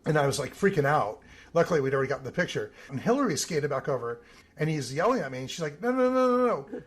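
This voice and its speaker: A man, an Olympic team photographer, telling animated stories in an interview. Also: medium pitch, fast talker, breathy edge. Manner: animated anecdotal telling with some vivid emphasis. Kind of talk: interview storytelling.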